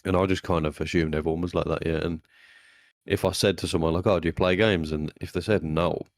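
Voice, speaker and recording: A young man with an extremely deep voice chats on a podcast. He is blunt and sweary and tells stories by acting out what people said. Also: steady tone, fairly quick, no echo, clean studio sound. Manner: blunt, swearing, storytelling with acted-out quotes. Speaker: podcast co-host. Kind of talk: casual chat.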